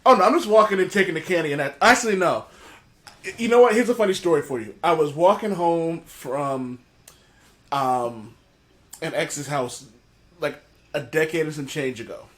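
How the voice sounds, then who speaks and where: A man's voice: a little high, normal speed. A middle-aged man hosting a casual comedy podcast, rambling through jokes and profane stories. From Boston area. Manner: jokey, rambling, profane storyteller. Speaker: podcast host.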